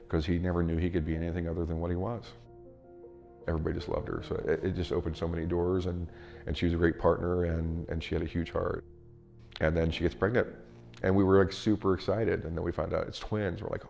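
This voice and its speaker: A man's voice: low voice, flat delivery, a little fast, vocal fry, a little mellow, soft background music. A man leading a recovery program tells an earnest story in a documentary interview, on dull lo-fi audio.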